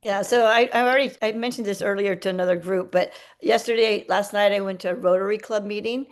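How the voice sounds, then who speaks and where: A woman's voice: medium pitch, steady tone, quick pace. A woman on a video call, casually telling a story and acting out the dialogue. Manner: chatty, acts out quoted dialogue. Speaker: team member sharing a story.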